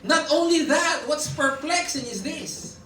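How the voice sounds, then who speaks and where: Filipino-accented preacher in an echoey hall. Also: male voice, very high voice, measured pace, a little hiss or hum. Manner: animated storytelling, mixing in Tagalog asides. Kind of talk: sermon. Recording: echoey room picked up from a distance.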